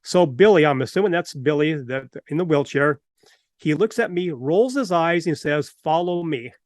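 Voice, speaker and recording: A podcast host, a man with a slightly high voice, relates an old anecdote in a lively storytelling way. He is close on the mic, and the sound is very dry with no room around it. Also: normal speed, no room sound.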